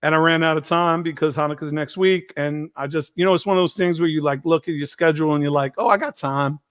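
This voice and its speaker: A man's voice: fairly high pitch, fast, smooth, no echo, clean studio sound. Man hosting a casual live stream. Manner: storytelling, animated, profane. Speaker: host.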